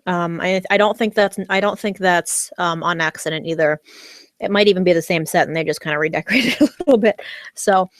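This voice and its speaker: This lowish-voiced woman from the United States talks briskly, recorded dry. Recapping a TV episode on her livestream, she rambles with fillers and restarts, bursts into giggly enthusiasm, and speaks around a piece of candy.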